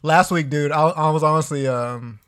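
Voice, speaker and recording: A man's voice: fairly high pitch, normal speed, a bit bright. A man co-hosting a podcast, laid-back, rambling and swearing a lot, tossing in dude every few words. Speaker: podcast co-host. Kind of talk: casual podcast banter.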